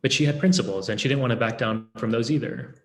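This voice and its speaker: Guy in his 30s sharing a story from his past, thoughtful and halting, kinda echoey room. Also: medium pitch. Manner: reflective, halting with frequent restarts. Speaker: speaker. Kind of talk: personal storytelling talk.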